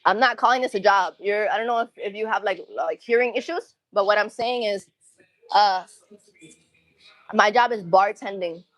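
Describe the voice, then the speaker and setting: A woman's voice: medium pitch, moderate pace, no room sound. Woman, casual livestream chat, rambling, slangy, dry close sound, gym. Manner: chatty, rambling, laid-back slang. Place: gym, between exercise sets.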